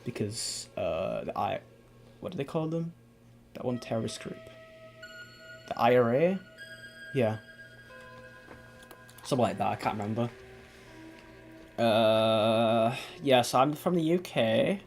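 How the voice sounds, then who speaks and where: A man's voice: medium pitch, lively intonation, slow pace, creaky, pauses often, faint music behind. Rambling man streaming a game. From England. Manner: rambling, swears casually, trails off and restarts. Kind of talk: casual gaming stream chat.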